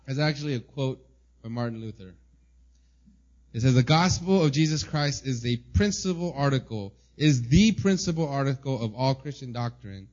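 A man's voice: medium pitch, lively intonation, darkish tone. Man preaching a sermon, dull lo-fi sound. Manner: reads quotes slowly and emphatically, with filler "uh".

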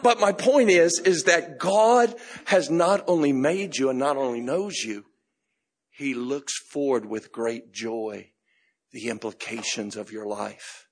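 A middle-aged man pastor preaching a sermon, telling a personal story with laughs and bursts of shouting. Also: on the low side, creaky, breathy edge. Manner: animated storytelling, laughing, shouting in retold moments.

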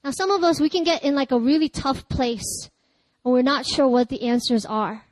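A woman pastor giving a lively, chatty sermon, breaking into laughter and loud cries. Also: high voice, moderate pace, dry recording, poor audio.

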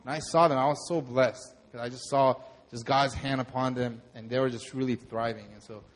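A young man, a pastor, telling a lively sermon testimony and acting out the moments in his story. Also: mid-range voice, brisk. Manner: animated storytelling, acts out shouts.

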